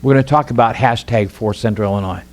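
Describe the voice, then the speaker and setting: A middle-aged man with a Midwestern American accent, preaching a sermon in an animated, rambling way with many restarts. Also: medium pitch, quick pace. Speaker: pastor.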